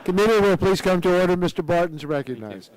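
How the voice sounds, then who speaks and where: A man presiding over a formal committee hearing. He talks in halting phrases full of restarts and fillers, with a good-humored ease. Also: high-pitched, animated, poor audio. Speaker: committee chairman.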